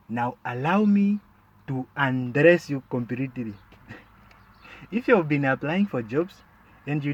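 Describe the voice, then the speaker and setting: A man's voice: mid-range voice, darkish tone, dull audio. A man performing a sarcastic comic monologue, talking straight at his listeners and ending points with "yeah?". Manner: sarcastic, addresses listeners directly with "my friend" and "yeah?". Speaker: comedian.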